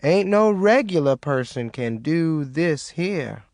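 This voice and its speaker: A man's voice: fairly high pitch, expressive, takes it slowly, darkish tone, no echo, clean studio sound. Level-headed church woman, read by a man, plain and blunt.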